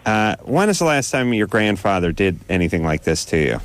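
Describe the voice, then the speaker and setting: A man's voice: lowish voice, very animated, brisk, dry recording. A man co-hosting a late-night call-in radio show, blunt and sardonic with the callers.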